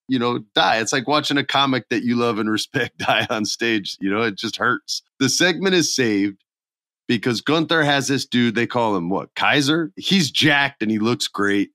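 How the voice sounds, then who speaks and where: A man's voice: mid-range voice, bright, forceful tone, no room sound, studio quality. A man hosting a podcast, chatting casually and telling stories with enthusiasm. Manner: enthusiastic, conversational storytelling. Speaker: podcast host. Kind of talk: casual chat.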